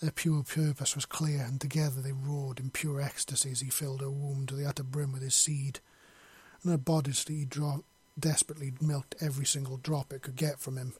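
A man with a mid-range, slightly mellow, husky voice reads aloud from a long fantasy story he wrote, moving fairly quickly with flat delivery. The reading is unpolished, with slips and self-corrections, and the recording is dry.

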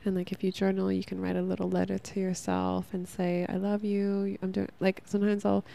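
A woman's voice: medium pitch, monotone, fairly quick, gravelly, warm tone. A young woman hosting a casual spiritual self-help podcast, rambling earnestly with lots of "like" and laughing at herself. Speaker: podcast host.

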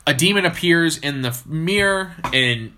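A young man co-hosting a horror movie podcast, chatting casually, swearing constantly and laughing loudly. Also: a little high, expressive, moderate pace. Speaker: podcast co-host. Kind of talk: casual profane chat.

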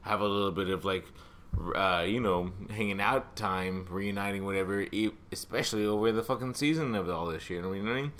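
A man's voice: deep voice, brisk, a bit bright. A man in his thirties co-hosting a podcast, rambling casually with lots of swearing and fillers. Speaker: podcast co-host. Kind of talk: casual chat.

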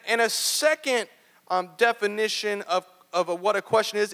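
High-voiced preacher in a reverberant church. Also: male voice, sharp tone. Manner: earnest, with frequent restarts and affirming amens. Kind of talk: sermon. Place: church sanctuary.

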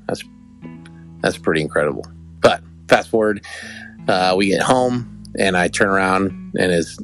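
In a low, creaky voice, a young adult podcast host tells a casual story. He rambles affectionately and keeps starting over.

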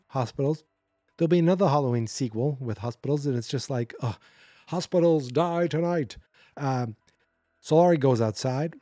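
Sarcastic low-voiced man ranting. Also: mellow, no echo, studio quality. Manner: sarcastic, exasperated, rambling with fillers. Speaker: podcast host. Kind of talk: casual movie recap and rant.

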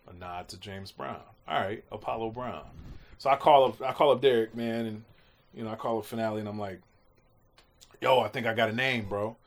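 Speaking briskly in a lowish voice, a man appears as a music producer guest in an interview. He's animated as he tells casual stories, full of slang, acting out quotes and cursing freely.

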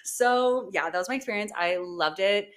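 A young woman chats casually as a podcast co-host. Her voice sits in an ordinary middle pitch. She gushes, swears freely and fills her talk with "like" and "um". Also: moderate pace. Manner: gushing, filler-heavy, swears freely. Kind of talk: casual chat.

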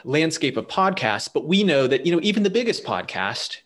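A man's voice: a little high, very animated, fairly quick, a bit bright. Man asking long winding questions. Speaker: podcast interviewer. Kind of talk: conversational interview questions.

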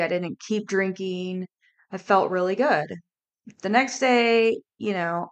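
A woman hosting a podcast, candidly and reflectively telling a personal story in a relaxed, conversational way. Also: fairly low pitch. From Kansas City area. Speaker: podcast host.

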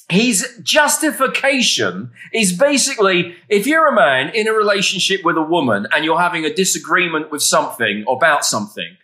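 A man's voice: high-pitched, pushed and bright. A man co-hosting a podcast, telling self-mocking stories in a casual chat. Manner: storytelling, self-mocking, lots of fillers and restarts. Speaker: podcast co-host. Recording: roomy echo.

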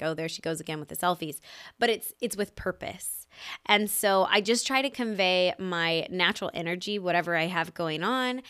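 A woman's voice: lowish voice, fairly bright tone, smooth. A woman in her thirties hosting a podcast, giving casual business advice in a chatty, upbeat way full of "like" and "right?". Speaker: podcast host and business coach.

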